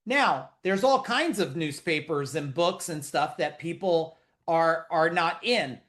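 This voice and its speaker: A middle-aged man with a fairly high voice runs a live webinar for business owners over a video call. He talks in a loose, animated way, blunt and profane, cracking jokes as he goes. He speaks straight to his audience in a casual coaching manner. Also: slow.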